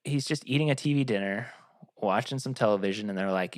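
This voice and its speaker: A man with a low voice, recorded dry and close with no room sound. He co-hosts a movie podcast and talks through scenes in a laid-back, casual way. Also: brisk, dry recording. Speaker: podcast co-host. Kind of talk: casual chat.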